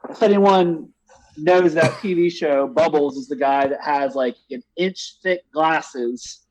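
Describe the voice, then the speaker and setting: A man's voice: on the high side, measured pace, a little mellow. A man co-hosting a podcast, telling a story in casual chat with frequent laughs. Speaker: podcast co-host.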